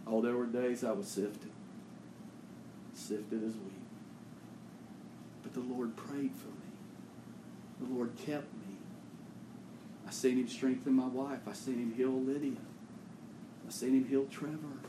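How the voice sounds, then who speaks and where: A man preaching a sermon as pastor, swinging between loud, emphatic bursts and quieter, folksy plain talk. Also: medium pitch, slow, long pauses, reverberant, background noise.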